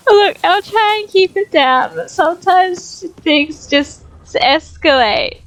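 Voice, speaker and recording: A woman live-streaming a video game, chatting casually in a soft-spoken way and cooing fondly at her dogs. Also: extremely high pitch, slow pace, few pauses, low-quality recording.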